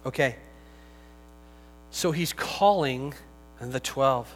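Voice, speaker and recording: A man's voice: medium pitch, extremely slow. A man preaching a sermon in a conversational, joking way, breaking into emphatic bursts. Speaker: pastor. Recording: long hall reverb, faint music.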